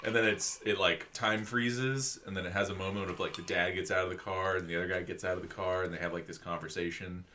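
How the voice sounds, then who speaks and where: A man co-hosts a podcast and tells a story in casual chat, often breaking into laughter. His voice sits low but sounds bright and forward. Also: steady tone, fast talker, hardly any pauses. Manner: storytelling, laughs while talking. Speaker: podcast co-host.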